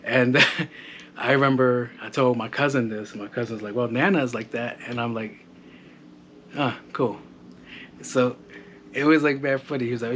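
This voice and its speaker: A man in his thirties talks straight into the mic, telling his story in blunt, casual speech full of curses and quoted back-and-forth. His voice sits at an ordinary pitch, and a faint hiss of noise runs under the recording. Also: normal speed. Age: 30s. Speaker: podcast host. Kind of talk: casual monologue.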